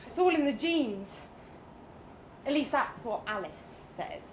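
Slow, dry-voiced woman reading aloud. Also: high-pitched, animated. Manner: dry, deliberate comic delivery with pointed pauses. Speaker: reader at a live fiction night. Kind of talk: live comic story reading, first person. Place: pub function room with live audience. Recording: echoey live room, faint noise.

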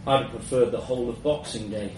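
A man's voice: medium pitch, steady tone, fast talker, darkish tone. Man reading a story in an echoey room. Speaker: narrator. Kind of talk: first-person story reading. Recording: roomy echo, mic at a distance, faint background hum.

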